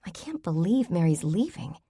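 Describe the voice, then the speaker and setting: A woman's voice: fairly low pitch, very animated, moderate pace, mellow, breathy edge, no room sound, studio quality, full character voice. A woman doing a curious young sleuth. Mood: worried.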